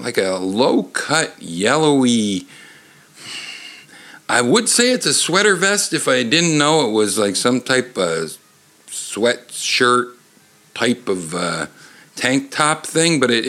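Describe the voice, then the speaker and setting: Halting, joking man in his fifties. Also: mid-range voice, bright, forceful tone. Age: 50s. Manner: joking, halting, lots of fillers. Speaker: picture book reader. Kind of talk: rambling read-aloud with commentary.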